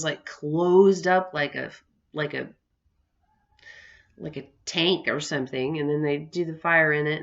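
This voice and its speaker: A woman's voice: low voice, a bit bright. A young adult woman telling family memories in a casual vlog, rambling with many restarts and laughing often. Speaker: vlogger. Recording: dull lo-fi recording.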